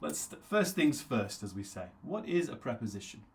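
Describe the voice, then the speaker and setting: Speaking at a middle pitch with a sing-song lilt, a man teaches English in a live online class with a little hiss or hum in the background. He repeats words slowly to drill their sounds and responds to viewers after reading their names from the chat.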